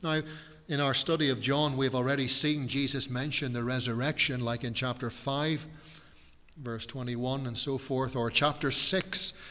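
A man preaching an expository Bible study, slow and deliberate, with rhetorical questions and frequent restarts. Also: medium pitch, fairly even intonation, pushed and bright, long reverb tail.

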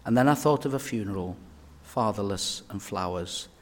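A preacher retelling a guilt-stricken young soldier. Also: male voice, fairly low pitch, moderate pace, in a large hall, pitched below the performer's own voice, lightly acted. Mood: remorseful.

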